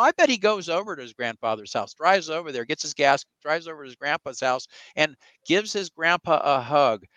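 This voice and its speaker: A man's voice: on the high side, bright, forceful tone, no echo, rough recording. A man in an interview who explains his faith through long anecdotes. He acts out the quoted voices in his stories. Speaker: evangelical Christian guest. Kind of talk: conversational interview.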